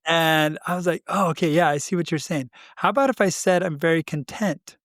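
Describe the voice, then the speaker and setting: A man's voice: on the high side, fairly quick, no echo. The man speaks in a slightly raised register and tells his story with animation, voicing the other people in it and breaking into laughter. The sound is dry and close, with no room around it. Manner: animated, acts out quoted dialogue, laughs often. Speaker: podcast co-host. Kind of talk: casual conversational storytelling.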